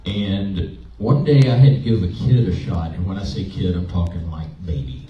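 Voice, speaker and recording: A man's voice: fairly low pitch, dark tone. A man, a pastor, preaching a conversational sermon, telling personal stories and asking his congregation questions. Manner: conversational, emotional storytelling with audience questions. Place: church sanctuary. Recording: roomy, distant, dull church recording.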